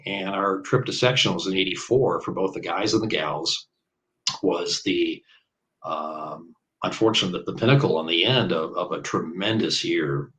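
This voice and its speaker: A man's voice: low-pitched, low-quality recording. A man in his fifties from Iowa, a bowler chatting as an interview guest, rambling with many fillers and tangents. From Iowa, US Midwest. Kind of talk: casual interview chat.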